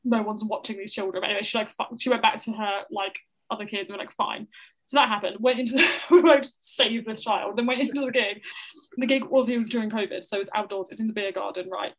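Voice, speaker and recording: A young woman from the south of England, telling a stand-up comedy story over a video call in a rapid, laughing, sweary style. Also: mid-range voice, fairly even intonation, low-quality recording. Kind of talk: casual storytelling chat.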